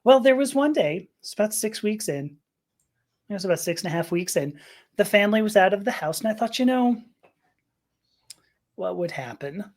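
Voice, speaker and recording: A woman's voice: mid-range voice, lively intonation, brisk. A woman guest on a podcast, telling a personal story candidly, often stammering, laughing and restarting her sentences.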